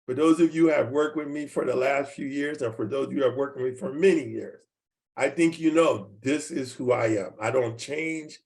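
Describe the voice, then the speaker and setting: A man's voice: mid-range voice, moderate pace, a little mellow. A man in his seventies leading a team training over a video call, folksy and repetitive, often checking that the audience follows him. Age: 70s. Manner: folksy, repeats points, asks the audience questions.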